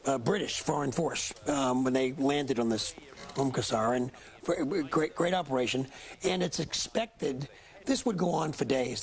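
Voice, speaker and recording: A man working as a military analyst, giving live news commentary in an emphatic, admiring way, with many restarts. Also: fairly high pitch.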